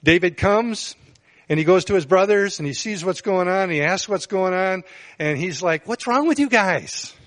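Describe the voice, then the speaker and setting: A man's voice: moderate pace, fairly bright tone. A man preaching a sermon as pastor, earnest, with bursts of emphasis. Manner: earnest, rises in pitch and volume for emphasis.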